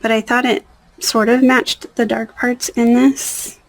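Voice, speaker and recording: A woman's voice: a little high, flat delivery, measured pace, poor audio. A young woman chatting casually as she does her nails, rambling and trailing off into near-whispers. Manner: rambling, soft-spoken, drifting into near-whispers. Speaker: nail art vlogger. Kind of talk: casual chat.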